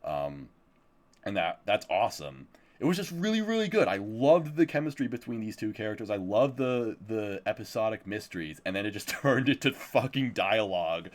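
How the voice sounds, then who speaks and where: A man's voice: lowish voice, sing-song, normal speed. A man streaming live, chatting casually about upcoming anime, swearing freely and laughing often.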